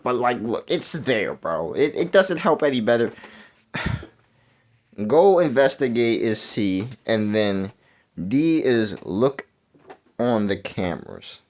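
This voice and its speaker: A young man talking through a video game quiz in casual, rambling commentary, mumbling and then jumping into excited outbursts. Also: medium pitch, slow. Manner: rambling, self-correcting, swings between mumbling and excited outbursts. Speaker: gaming YouTuber.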